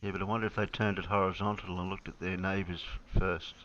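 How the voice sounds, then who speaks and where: A man's voice: low voice, flat delivery, fast, fairly bright tone. A man hosting a casual livestream chat, greeting viewers and laughing often. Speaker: livestream host. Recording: dull lo-fi mic audio.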